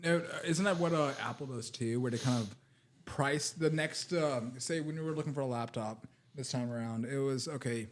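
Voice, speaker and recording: A man co-hosting a comedy podcast, easygoing and quick to laugh, often asking follow-up questions in casual chat. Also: medium pitch, slight background noise. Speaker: podcast co-host.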